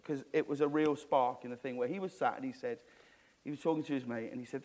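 Animated man telling a rambling story. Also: medium pitch, quick pace. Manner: animated, rambling, many restarts. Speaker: guest. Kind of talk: live on-stage interview, storytelling.

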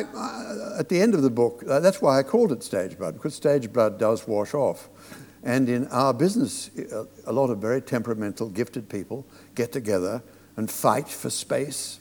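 A man's voice: mid-range voice, darkish tone, in a large hall. An older man, a theatre director, telling anecdotes with dry humour in an onstage talk.

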